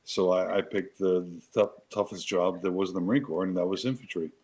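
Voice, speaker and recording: A man's voice: deep voice, steady tone, a little fast, darkish tone, poor audio. A man, a Marine veteran co-hosting a casual chat show, telling stories in a profane, emphatic, rambling way.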